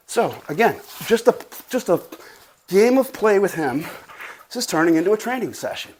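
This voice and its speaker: A man's voice: high voice, expressive, moderate pace, darkish tone, a little hiss or hum. A man, a dog trainer, giving casual instructions in his garage, loose and a bit profane, out of breath from play. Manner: loose, profane, says "right?" a lot. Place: home garage.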